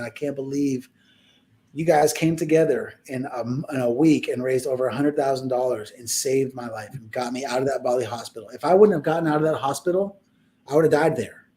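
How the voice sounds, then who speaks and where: A man's voice: mid-range voice, dark tone. A young man telling a personal story in a casual podcast chat, rambling and heartfelt, acting out the people he quotes.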